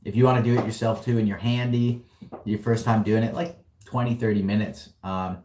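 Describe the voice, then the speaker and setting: Man, lower voice, casual livestream host, upbeat, slangy, roomy warehouse echo. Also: fairly even intonation, a little fast, warm tone, a little hiss or hum. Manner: upbeat, slangy, laughs often. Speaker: host answering viewer questions.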